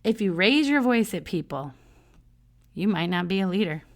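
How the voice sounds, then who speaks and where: A woman's voice: medium pitch, lively intonation, normal speed. A middle-aged woman hosting a solo podcast, talking casually in a chatty, self-mocking way and laughing often. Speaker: podcast host.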